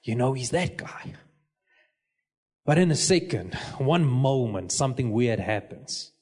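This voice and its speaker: A man's voice: medium pitch, measured pace, slightly rough. A middle-aged man with a South African English accent, a pastor preaching a sermon and telling stories, slipping between English and Afrikaans. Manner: lively storytelling mixing English and Afrikaans.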